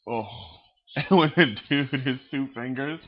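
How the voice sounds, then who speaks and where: A man's voice: mid-range voice, a little slow, lo-fi sound. A man ranting casually about movie scenes to his webcam, swearing a lot and acting out characters. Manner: profane, animated, mimics characters. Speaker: vlogger.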